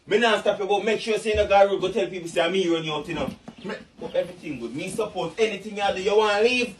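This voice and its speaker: A stubborn Jamaican boyfriend, played by a man argues in a high voice. He is set back from the mic, with faint noise underneath. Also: fast, far from the mic, natural voice. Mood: defiant.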